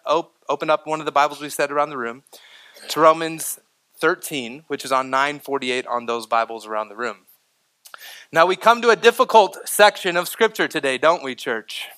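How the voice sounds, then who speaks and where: A man preaching a sermon in a church. His voice is bright and forceful and sits a little high. He keeps it lively, pushing up for emphasis and turning to the congregation with asides. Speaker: pastor. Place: church sanctuary.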